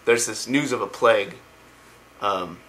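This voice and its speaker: A man's voice: on the low side, a little slow, fairly bright tone. A man casually retelling video game lore, rambling with lots of ums and likes. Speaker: lore explainer.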